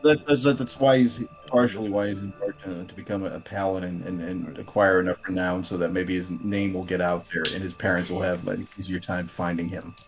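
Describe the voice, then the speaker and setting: A man's voice: deep voice, fairly even intonation, brisk, few pauses, soft background music. A man as a player in a tabletop game, explaining his character in a laid-back, dry way. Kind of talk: casual chat at a tabletop game.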